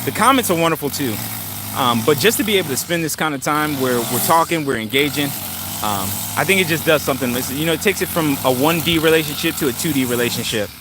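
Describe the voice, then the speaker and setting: A middle-aged man with a somewhat high voice hosts a casual live stream from his yard, holding the phone himself. He rambles easily, with plenty of fillers, and greets viewers one by one. Passing cars and engines rumble clearly behind him. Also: expressive, quick pace. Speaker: channel host. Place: outdoors in a yard. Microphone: handheld phone. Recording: outdoor traffic and engine noise.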